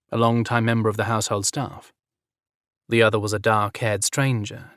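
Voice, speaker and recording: A man reading romance audiobook narration in a measured, even manner. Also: mid-range voice, no echo, clean studio sound.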